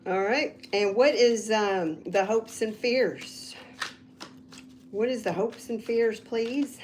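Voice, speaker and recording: A woman reading tarot cards on a casual livestream, rambling and getting loud when she's excited. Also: a little high, slow, slight background noise. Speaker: tarot reader.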